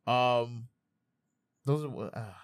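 A man in his thirties co-hosting a podcast, chatting casually, playful and animated, swearing freely. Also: mid-range voice, very slow, clean tone, no room sound, clean studio sound. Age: 30s. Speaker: podcast co-host. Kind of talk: casual chat. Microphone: studio microphone.

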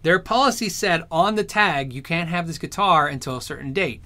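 A man with a high, bright voice chats casually to his viewers. He rambles through anecdotes with animated energy, speaking as a streamer. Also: a little fast. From Arizona. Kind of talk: casual storytelling chat.

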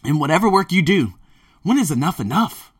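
A man hosting a casual monologue podcast as a language teacher working abroad, telling stories in an animated way and swearing freely. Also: a little high, brisk. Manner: animated storyteller who acts out his own quotes, swears freely. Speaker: podcast host.

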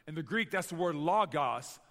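Male pastor, Southern US accent, lively sermon delivery, raised pitch, ringing hall. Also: normal speed. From Tennessee, US Southern. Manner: storytelling, animated, addresses the church directly. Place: church sanctuary.

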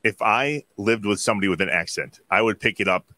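A man's voice: lowish voice, fast, bright, forceful tone, no room sound. A man hosting a casual talk show, upbeat and jokey with his guest. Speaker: host. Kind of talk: casual chat and read ad.

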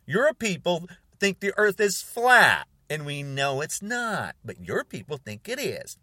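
An angry man in his sixties rants straight to camera, his voice sitting a touch high and swinging widely in pitch. He hammers his points home by repeating words and dragging out the ones he wants to land. The sound is dry, with no room echo. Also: fairly bright tone. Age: 60s. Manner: heated, repeats words for emphasis. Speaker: video blogger.

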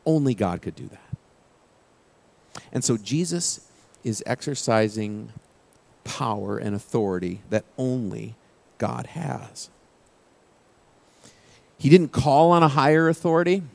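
Man preaching, hushed for key lines. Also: medium pitch, vocal fry. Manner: conversational preaching with sudden hushed quotes. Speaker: pastor. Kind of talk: sermon.

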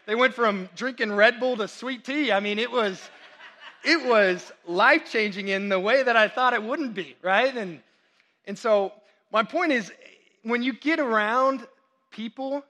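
A young Texan man preaching a sermon as a pastor, telling stories with quick asides. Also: high voice. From Texas. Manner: animated storytelling with quick asides.

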